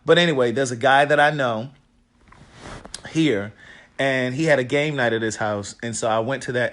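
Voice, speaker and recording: A raspy-voiced man from Maryland, an author hosting a casual livestream from a hotel room and greeting viewers by name. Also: mid-range voice, normal speed, fairly bright tone.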